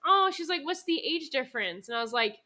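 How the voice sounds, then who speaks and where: A woman's voice: high-pitched, animated, fairly quick, very noisy. A woman in her twenties, co-hosting a podcast with her sister, rambling through a story with lots of swearing and laughter. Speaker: podcast co-host. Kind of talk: casual chat with her sister.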